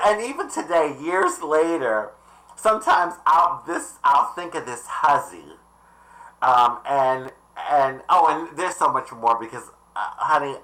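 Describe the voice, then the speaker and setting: A middle-aged woman telling a personal story in a sassy, animated way on her vlog, often calling the listener "honey". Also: sits low, poor audio. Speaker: vlogger.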